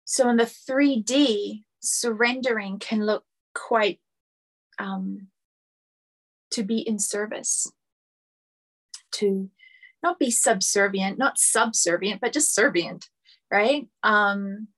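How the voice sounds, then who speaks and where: A woman's voice: mid-range voice, takes it slowly, long pauses, a bit bright. A woman spiritual teacher giving a lecture, speaking earnestly and building her points through repeated phrases.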